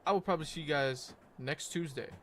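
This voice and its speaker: A man's voice: fairly high pitch, a little fast, a little hiss or hum. Laid-back young man streamer. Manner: rambling and laid-back, many fillers and self-corrections. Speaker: game streamer. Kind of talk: casual stream chat.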